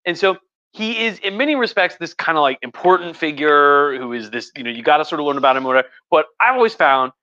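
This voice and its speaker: A man's voice: a little high, expressive, fast, sharp tone, dry recording, muffled recording. A tipsy man, a history professor, rambling casually and profanely about history on a livestream. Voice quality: profane, rambling, lots of fillers. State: tipsy from wine.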